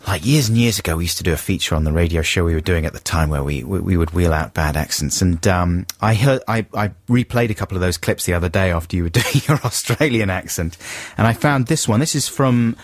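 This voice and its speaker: A man's voice: low voice, animated, quick pace, no echo, clean studio sound. A man hosting a radio show, talking animatedly in a mock-outraged, chuckling way. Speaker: radio host. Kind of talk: casual radio banter. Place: radio studio.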